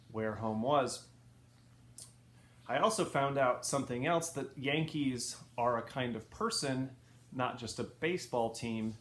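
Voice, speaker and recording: A man's voice: mid-range voice, fairly bright tone. Wry storytelling man, roomy echo. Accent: neutral American Midwest. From Midwest, United States. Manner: dry humor, wry asides. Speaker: speaker, former college professor. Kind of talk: storytelling talk. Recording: echoey room with faint ambience.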